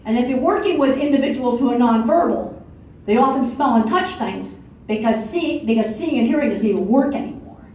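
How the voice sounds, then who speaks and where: A woman's voice: on the high side, animated, a little fast, a little mellow, a little hiss or hum. An older woman giving a conference talk in a blunt, matter-of-fact, emphatic way, heard from a distance in a large lecture hall. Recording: far-off echoey hall, dull lo-fi audio.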